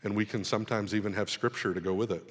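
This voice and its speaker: A man preaching a sermon and telling a personal story, self-deprecating and getting animated when he retells it. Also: fairly low pitch, fast talker. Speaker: pastor. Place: church hall. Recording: long hall reverb.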